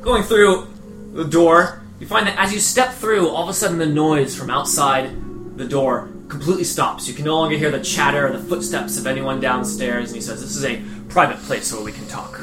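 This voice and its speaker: A man's voice: on the high side, steady tone, normal speed, reverberant. Guy running a tabletop game, easygoing narration w fillers, music playing. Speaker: game master.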